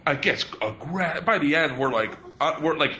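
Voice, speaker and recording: Animated, crude male stand-up comic. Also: fairly high pitch, normal speed. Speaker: stand-up comedian. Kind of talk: stand-up storytelling. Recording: loud noise over live room.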